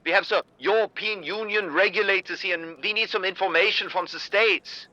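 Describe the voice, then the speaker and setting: A man's voice: high voice, brisk, sharp tone, no echo, muffled recording, voice pushed up. A man putting on a German accent to play a European compliance executive calling from Frankfurt. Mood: officious. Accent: German, put on. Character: smooth male German executive on the phone.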